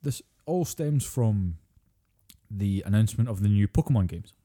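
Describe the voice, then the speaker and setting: A man's voice: fairly low pitch, animated, normal speed, dark tone. A Scottish man co-hosting a podcast, chatting casually and ranting with plenty of swearing. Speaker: podcast co-host.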